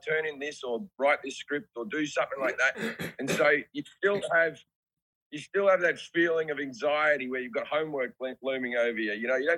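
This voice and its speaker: An Australian man in his forties with a bright, forceful voice and a slightly raised pitch. He chats on a video call, laid-back and self-deprecating, dropping casual swears. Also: poor audio. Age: 40s. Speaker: comedian guest. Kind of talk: casual podcast chat.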